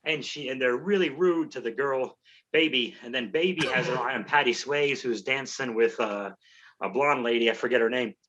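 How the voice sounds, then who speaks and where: A man's voice: mid-range voice, moderate pace, a bit bright, lo-fi sound. A man recapping a movie for laughs on a podcast, rambling and profane, tripping over his words and joking at his own expense. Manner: rambling, profane, self-mocking storytelling with stumbling restarts. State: out of breath. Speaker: comedy podcast host.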